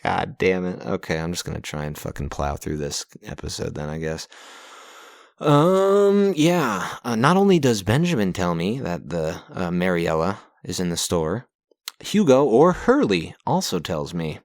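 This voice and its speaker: A man's voice: deep voice, very animated, normal speed, no echo, studio quality. A young man hosting a podcast from home on a pop-filtered mic, recapping his journal week in a casual, sarcastic, profane way and getting easily exasperated. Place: home recording setup.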